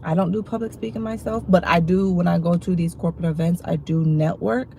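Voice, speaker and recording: A woman's voice: fairly low pitch, steady tone, a little fast, creaky, mellow, slight background noise, poor audio. A woman hosting a livestream, chatting casually to her viewers in rambling talk full of fillers and restarts, and laughing easily. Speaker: livestream host.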